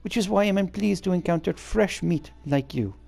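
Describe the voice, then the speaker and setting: A man voicing a shrewd female wildlife overseer with a put-on accent, in a sly, theatrical, drawn-out manner, reading game dialogue during a playthrough. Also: high-pitched, creaky, darkish tone, faint music behind, voice pushed up.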